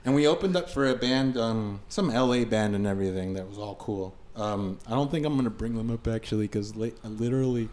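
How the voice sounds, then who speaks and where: A man's voice: fairly low pitch, a little fast, hardly any pauses. Profane storytelling podcast guy. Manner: profane, animated anecdote-telling with many fillers. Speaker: musician guest on podcast. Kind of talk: casual storytelling chat.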